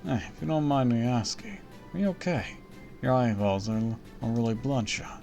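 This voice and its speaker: A man streamer reading a game's story dialogue aloud in a quick, lively way. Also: medium pitch, vocal fry, faint music behind.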